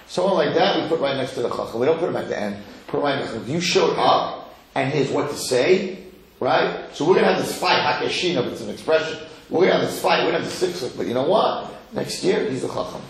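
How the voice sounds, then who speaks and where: A middle-aged man, a rabbi, giving an animated lesson to a live audience, repeating phrases and putting questions to the room. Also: mid-range voice, brisk, creaky. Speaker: rabbi teaching a class. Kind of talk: Torah lecture to a live audience. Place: lecture hall with audience. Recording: echoey hall.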